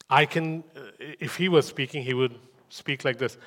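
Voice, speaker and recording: A man's voice: medium pitch, moderate pace, a bit bright. A man preaching a sermon in an emphatic way, often repeating lines for weight. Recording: long hall reverb.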